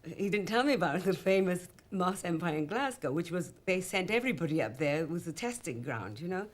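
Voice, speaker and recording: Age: adult. Sex: woman. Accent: Welsh. Pitch: a little low. Style: animated interview storytelling, full of "you know". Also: a little fast. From Wales. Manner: animated, acts out remembered dialogue, many "you know"s. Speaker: singer interviewed about her career.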